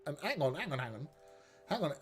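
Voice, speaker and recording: A man's voice: a little high, sing-song, quick pace, husky, soft background music. A man hosting a casual live coding stream, rambling, chatting with viewers and poking fun at himself. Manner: rambling, self-mocking, talks to chat.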